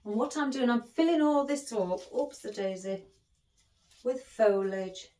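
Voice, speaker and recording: Woman, middle-aged, craft tutorial host, chatty and rambling, unhurried, roomy echo. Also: on the high side, animated, mellow. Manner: rambling, chatty, affectionate toward viewers. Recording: echoey room.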